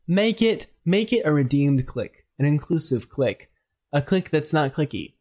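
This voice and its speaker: A man's voice: on the high side, very animated, normal speed, a little mellow. A young man co-hosting a podcast, chatting casually and cracking playful puns. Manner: punning, playful jokester. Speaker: podcast co-host. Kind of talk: casual chat.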